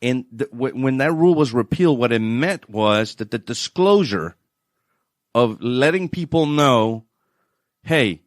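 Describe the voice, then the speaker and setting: A man with a New Orleans accent, a financial adviser guest on a radio show, telling stories in an animated way and laughing often. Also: medium pitch, unhurried, no echo, studio quality. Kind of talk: radio interview chat.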